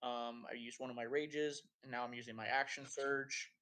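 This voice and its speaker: A man's voice: medium pitch, level tone, moderate pace, pushed and bright. A man playing a tabletop game, thinking aloud through his turn and its rules. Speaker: player.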